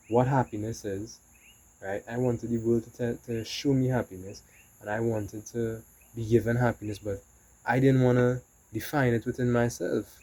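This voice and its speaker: A man's voice: mid-range voice, steady tone, normal speed, a little mellow, dry recording, poor audio. A man talking casually in a rambling motivational monologue, often saying "you know". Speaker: vlogger.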